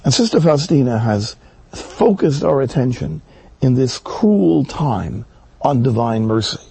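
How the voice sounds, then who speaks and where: An older man preaches with earnest emphasis, his voice rough with gravel and very husky. The tone is dark and mellow, and the sound is close and dry with no room around it. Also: medium pitch, lively intonation, a little slow, no echo. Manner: earnest, emphatic, rising on key words. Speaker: Catholic preacher. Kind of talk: sermon.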